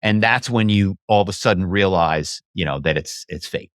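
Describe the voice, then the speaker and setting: A man talking casually as a guest in an interview, telling stories in an animated way and often adding "you know" and "right". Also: low voice, moderate pace, no echo, clean studio sound. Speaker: guest, former actor and social engineer.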